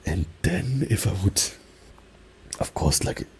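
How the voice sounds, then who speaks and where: A man with a German accent, a native German speaker, doing soft-spoken ASMR talk with gentle, playful whispering into a binaural mic. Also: lowish voice, big pitch swings, takes it slowly, a little hiss or hum, rough recording. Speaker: ASMR creator. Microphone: binaural microphone.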